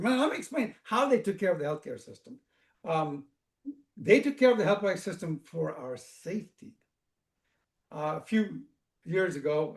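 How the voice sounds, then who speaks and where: A man from Africa telling an animated, conversational story as a guest speaker, often restarting his sentences. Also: on the high side. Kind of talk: storytelling talk. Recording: echoey room.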